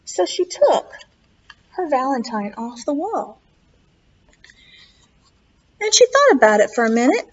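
Expressive, sing-song woman reading a children's story. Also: sits high, measured pace, pauses often, slightly rough. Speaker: children's librarian. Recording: dull lo-fi online video recording.

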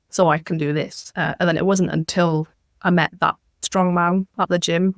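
A woman's voice: fairly low pitch, moderate pace, no room sound, studio quality. A young woman, a podcast guest, chatting casually and acting out what people said to her. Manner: chatty storyteller, acts out quoted exchanges.

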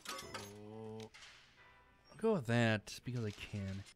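A man's voice: fairly low pitch, slow pace, music in the background. A man doing let's-play commentary, sarcastic and swearing, talking back at the game. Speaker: gamer playing through a game. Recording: noisy with clicking sounds.

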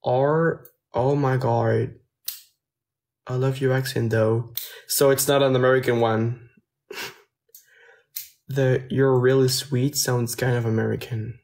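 An unhurried man with a French accent talks on a phone livestream, taking his time between words. His speech is soft and halting, with a mid-range pitch, and he often trails off as he answers viewer comments. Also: level tone, vocal fry. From France. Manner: soft-spoken, hesitant, trailing off. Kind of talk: casual livestream chat.

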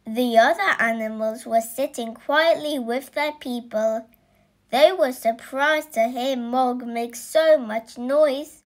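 Slow, gentle woman reading a children's story. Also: on the high side. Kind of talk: children's story read-aloud.

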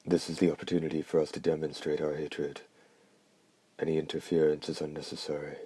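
A man's voice: a bass voice, level tone, a little fast, dark tone, husky, no room sound. A man voicing a bitter, mutilated old male steward who speaks in a formal, polite way. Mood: pleading.

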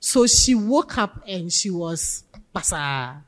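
A woman's voice: fairly low pitch, sing-song, slow. A woman teaching a leadership class, emphatic and asking her students questions. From Ghana. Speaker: lecturer. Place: lecture hall. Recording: long hall reverb.

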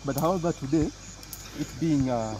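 A Ugandan tour guide with a Ugandan accent and a fairly high voice explains animals at a zoo at normal speed, repeating key points and frequently asking "okay?" The noisy outdoor recording picks up ambient sounds and animal noises.

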